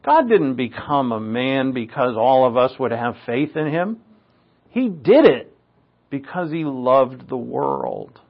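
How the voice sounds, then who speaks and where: A man's voice: mid-range voice, big pitch swings, slow pace, creaky. A man teaching a Bible passage from the Greek, explaining and emphatic, often restarting his phrases. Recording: dull lo-fi recording.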